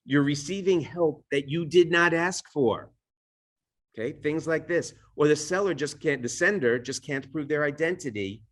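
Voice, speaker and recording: A man's voice: fairly high pitch, moderate pace. Man giving a chatty live training talk. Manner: conversational, checks in with the room with "all right?"; self-correcting, restarts sentences. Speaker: real estate training instructor.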